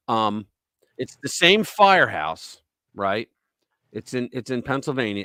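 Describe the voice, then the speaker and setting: A man hosting a casual political chat show, talking bluntly and crudely with lively storytelling. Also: mid-range voice, no echo, clean studio sound. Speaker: show host.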